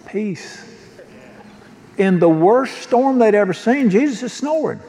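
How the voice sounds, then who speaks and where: Male pastor, folksy joking sermon delivery, slightly high pitch, reverberant sanctuary. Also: animated, slow pace, pauses often, dark tone. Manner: folksy, joking preacher who asks the congregation questions. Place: church sanctuary.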